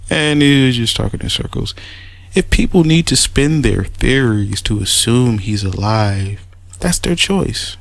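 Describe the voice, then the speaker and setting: A man's voice: lowish voice, creaky, no room sound. A man giving a mocking, rambling spoken rebuttal, sarcastic and full of restarts. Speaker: commentator making a response audio.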